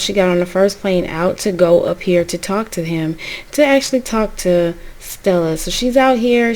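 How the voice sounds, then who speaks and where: A woman's voice: medium pitch, a little mellow, poor audio. A young woman casually narrating a life-sim game story, rambling with repeats.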